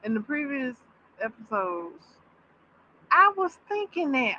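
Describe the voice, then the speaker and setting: Woman on a livestream chatting slow, gets all excited, kinda muffled audio w faint hiss. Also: high voice. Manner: animated, exclaiming, drawn-out repeats. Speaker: streamer reacting to a series. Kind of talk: casual livestream reaction chat. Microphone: streaming mic. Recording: slightly dull audio with faint background noise.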